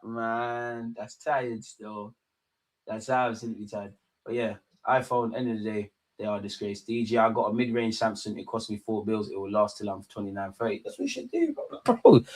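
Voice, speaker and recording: A young man from England in his twenties, chatting casually on a live stream, slangy and animated, repeating himself and swearing freely. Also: lowish voice, normal speed, no room sound. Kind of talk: casual live-stream chat reading viewer comments.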